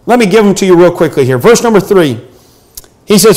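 A man's voice: high voice, big pitch swings, a little fast, a little mellow. A middle-aged male pastor preaching a sermon, earnest and emphatic, with frequent hesitations.

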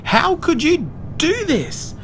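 A man voicing a jealous, possessive young girl in an audiobook, with a snapping, whiny, raised high voice. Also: wildly swooping pitch, moderate pace, gravelly, a little hiss or hum. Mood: angry.

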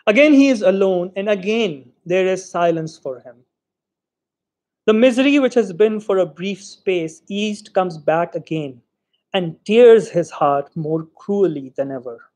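A man reading a short story aloud in an expressive, theatrical way. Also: sits high, a little slow. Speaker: reader.

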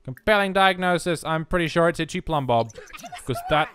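A man's voice: fairly high pitch, brisk, a bit bright, smooth, dry recording. A young man giving casual, self-mocking let's-play commentary, chatting to the game as he plays. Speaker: gaming video host.

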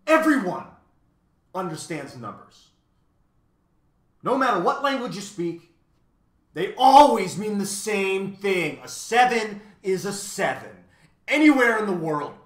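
A man voicing a pompous male math wizard who thunders loudly and turns to ominous hushes, in an echoey room. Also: high voice, big pitch swings, slow pace, pauses often, voice pushed up, exaggerated voice. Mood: booming. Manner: thunders loudly, then drops to ominous hush.

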